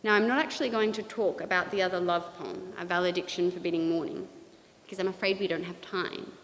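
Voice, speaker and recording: A woman giving a measured, thoughtful talk on poetry in a large church. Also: lowish voice, steady tone, fairly bright tone, a little hiss or hum. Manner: measured, thoughtful, with occasional restarts. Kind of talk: reflective lecture in a church. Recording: long reverb of a large hall.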